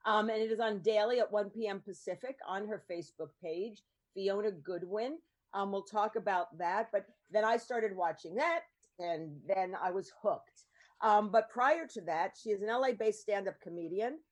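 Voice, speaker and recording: A woman's voice: mid-range voice, normal speed. A woman hosting a podcast, chatting in a rambling way with lots of ums. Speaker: podcast host. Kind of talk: casual chat.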